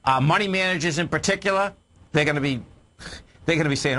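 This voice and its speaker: A man's voice: fairly high pitch, animated, brisk, bright, forceful tone. A man co-hosting a radio market show, talking emphatically and repeating phrases as he speaks to listeners. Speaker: co-host, market analyst. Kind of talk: radio market talk with callers. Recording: radio broadcast.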